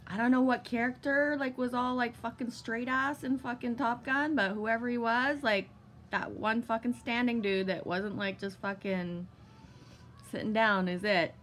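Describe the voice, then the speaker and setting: A woman vlogger casually telling a long story, rambling with lots of fillers, swearing often and bursting into giddy excitement. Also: fairly high pitch, normal speed, slight background noise.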